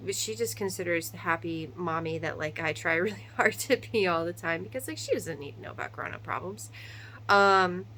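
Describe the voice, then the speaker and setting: A woman in her thirties, a mother of three, venting in a casual, animated monologue to camera with quick asides and rhetorical questions. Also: medium pitch, slight background noise, poor audio.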